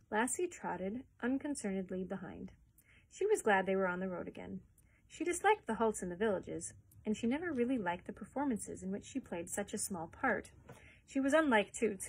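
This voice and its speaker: A woman librarian reading a chapter book aloud for story time, gently pausing to comment on the pictures. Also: medium pitch, low-quality recording. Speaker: children's librarian.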